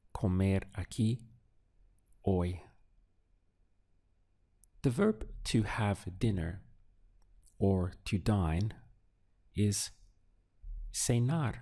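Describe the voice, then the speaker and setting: A man leads an audio language lesson at an unhurried pace. He speaks each prompt deliberately, then leaves a pause for the listener to answer. His voice sits on the low side. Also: vocal fry, a little mellow. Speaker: Spanish teacher.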